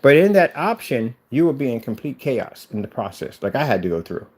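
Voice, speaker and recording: A man talking fast and eagerly, his delivery full of energy. He jumps from a casual vlog tour of his room into fervent preaching at his viewers, in a plain mid-pitched voice. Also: slightly rough. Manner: fast, excited, with religious exhortation. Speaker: vlogger showing his studio build.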